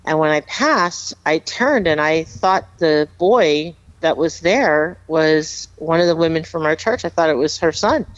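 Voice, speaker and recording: A woman's voice: low voice, animated, measured pace, few pauses, no echo, highs cut off. Earnest woman telling a heartfelt story. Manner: earnest, emphatic, repeats herself. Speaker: podcast guest. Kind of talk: heartfelt storytelling, casual chat.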